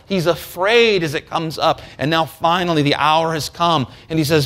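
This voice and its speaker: Male preacher, slightly high voice, sermon delivery with hushed lows and fervent climbs. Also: brisk, few pauses. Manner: preaching with swings from hushed to rising intensity.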